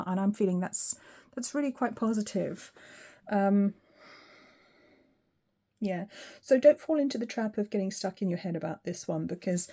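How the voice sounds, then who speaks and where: A woman giving a tarot reading to her viewers, gentle and reassuring, chatting along with soft laughs. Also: medium pitch. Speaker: tarot reader. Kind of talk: solo tarot reading to camera.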